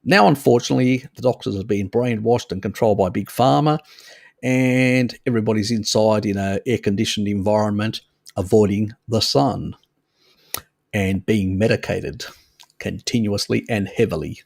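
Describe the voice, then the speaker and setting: A man hosts a casual live stream, answering viewers and laughing freely at their comments. His voice is low and gravelly, and his delivery is unhurried. The recording is dry and close. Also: darkish tone, no echo. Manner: chatty, laughs often, swears, reads chat aloud.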